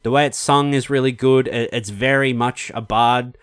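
A man's voice: mid-range voice, steady tone, normal speed, clear, resonant tone, dry recording, studio quality. A talkative man co-hosting a podcast, rambling casually and swearing now and then. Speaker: podcast co-host. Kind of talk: casual chat.

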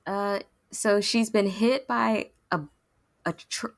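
A woman's voice: medium pitch, fairly even intonation, takes it slowly, gravelly. A woman co-hosting a podcast in casual chat, chiming in with short questions and reactions. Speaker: podcast co-host.

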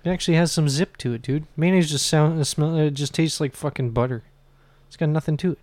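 A man co-hosting a loose comedy podcast, easygoing and swearing freely. His voice sits a little high, and the recording is dry and close. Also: fast, darkish tone, dry recording. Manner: laid-back, swears casually, laughs often. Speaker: podcast co-host. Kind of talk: casual comedy chat.

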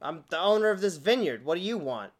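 Terse cloaked vineyard owner, suspicious and agitated, played by a game master, clipped defensive questions, raised pitch. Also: male voice, very animated, fairly quick.

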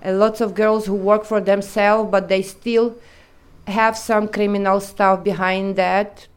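A woman from Europe, telling her own story in halting, English. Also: medium pitch, flat delivery, clean tone. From Eastern Europe. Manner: halting non-native English, vivid storytelling. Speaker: interviewee. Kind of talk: personal testimony.

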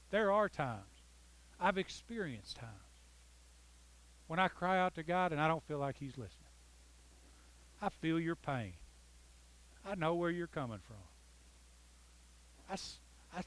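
A pastor preaches a sermon, reading scripture with dramatic emphasis and joking with the congregation, swinging between loud, pleading lines and soft, intimate ones. His voice is on the high side with lively intonation, unhurried, with long pauses. The audio is poor.

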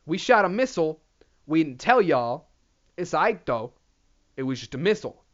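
A man's voice: a little high, sing-song, normal speed, highs cut off. A man voicing a dismissive, slangy male government spokesman.

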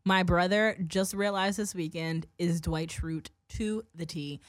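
A woman's voice: lowish voice, fairly even intonation, a little slow, no room sound. A woman in her twenties telling rambling, profane stories as a podcast host in casual chat.

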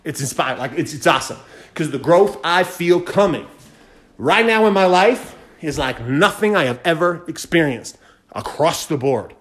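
A man hosting a podcast, fast-talking and fired up, giving a motivational monologue and repeating phrases for emphasis. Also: a little high, lively intonation, a bit bright. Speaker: podcast host.

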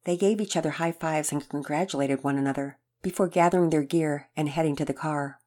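A woman reading a children's storybook aloud as narrator, in a soft, even voice. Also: low-pitched, a little fast.

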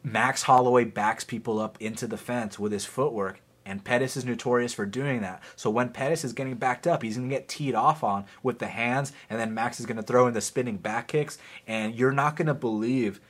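Excitable, profane man talking fight picks. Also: medium pitch, brisk, few pauses. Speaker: podcast co-host. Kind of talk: casual fight-betting chat.

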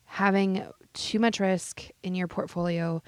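A woman's voice: mid-range voice, fairly even intonation, measured pace, clear, resonant tone, dry recording. A woman co-hosting a financial radio show, adding earnest points about portfolio risk and legal documents. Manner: earnest, adds points, fillers like um and uh. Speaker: financial advisor co-host. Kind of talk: explanatory radio talk.

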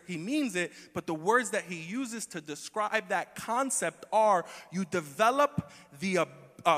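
A man's voice: high voice, animated, a little slow, few pauses. Preacher man in a reverberant hall. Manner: conversational, humorous, shifts from quiet to emphatic. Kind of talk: sermon.

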